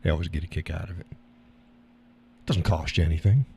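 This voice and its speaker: A man's voice: low voice, a little fast, vocal fry, darkish tone, slight background noise. A middle-aged man hosting a live stream, talking bluntly with profanity and frequent laughter. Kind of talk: casual monologue. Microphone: audio call or stream mic.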